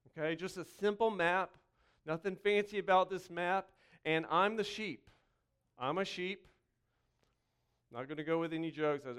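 A man preaching a sermon, opening with a hushed, slow prayer and then moving into animated, conversational preaching in a church. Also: high voice, clean tone. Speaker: pastor.

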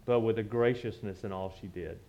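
A man's voice: fairly low pitch, fairly even intonation, fairly quick, darkish tone, highs cut off. A man, telling a personal story from the pulpit in a conversational, reminiscing way with frequent restarts. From southern United States. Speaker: church speaker.

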